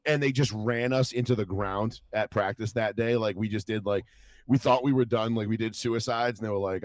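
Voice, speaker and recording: A young man co-hosting a podcast, rambling through stories in casual chat, swearing a lot and acting out what people said in lively voices. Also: lowish voice, fairly quick, dry recording. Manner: rambling storytelling, heavy swearing, animated quoted voices. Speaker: podcast co-host.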